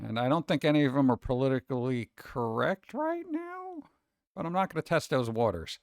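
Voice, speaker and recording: Excitable man reacting, dry close sound. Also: mid-range voice, normal speed, no echo. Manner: excitable, exclamatory, rambling. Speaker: host. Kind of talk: casual reaction commentary.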